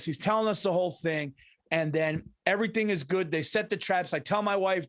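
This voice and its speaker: A man's voice: high-pitched, a little fast, fairly bright tone. A man telling a rambling, profane story as a podcast co-host in casual chat.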